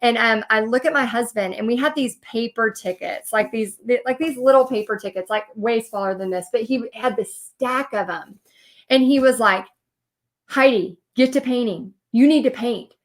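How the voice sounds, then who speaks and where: A woman's voice: a little high, normal speed. A woman, a business coach telling her story in a chatty live video with lots of fillers. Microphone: computer or phone mic on a live video.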